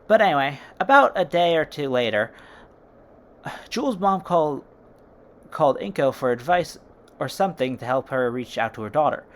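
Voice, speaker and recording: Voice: medium pitch, lively intonation, moderate pace, pauses often. A fan storyteller narrating casually, with informal chatty asides to listeners.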